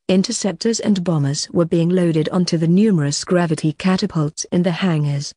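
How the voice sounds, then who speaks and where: Steady audiobook narrator, mid voice, dry booth sound. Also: mid-range voice, no echo. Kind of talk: scripted narration.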